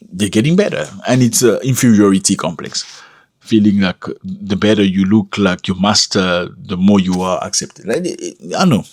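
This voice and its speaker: A man giving opinionated commentary on a vlog, talking straight to his viewers with lively asides and calling them fellas. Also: mid-range voice, husky. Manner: animated, addresses viewers as fellas, frequent asides.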